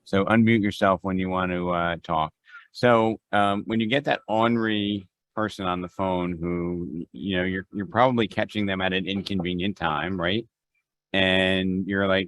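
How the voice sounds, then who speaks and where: Deep-voiced man leading a video call. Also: fairly even intonation, normal speed, a bit bright. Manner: conversational, with restarts and quoted phone dialogue. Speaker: real estate team leader.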